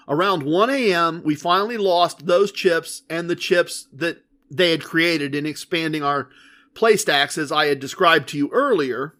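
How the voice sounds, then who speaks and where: A man hosting a podcast, telling a story in a casual, animated and emphatic way. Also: fairly high pitch. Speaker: podcast host.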